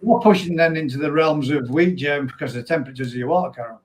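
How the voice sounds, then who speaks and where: A man's voice: a little high, quick pace. A man hosting a casual livestream chat and reading viewer comments aloud. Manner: chatty, reads comments aloud. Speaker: livestream host.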